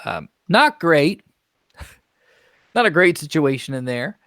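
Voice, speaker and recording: A tabletop player speaking casually and hesitantly. The voice sits at a middle pitch. It sounds close and dry, with no room around it. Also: very animated, slow pace, a bit bright, no room sound. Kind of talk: playing a tabletop game.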